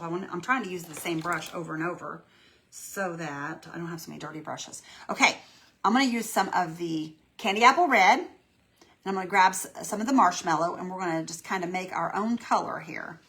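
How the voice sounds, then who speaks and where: With a lowish, slightly bright voice, a woman hosts a live painting demo. She chats with her viewers in a folksy, encouraging way.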